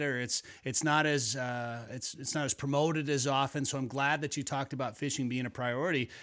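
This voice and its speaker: A man hosts a casual podcast chat. His voice is bright and forward, and he rambles through stories with plenty of restarts. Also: mid-range voice, clear, resonant tone. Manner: rambling storytelling with many restarts. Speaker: podcast host. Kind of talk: casual conversational interview.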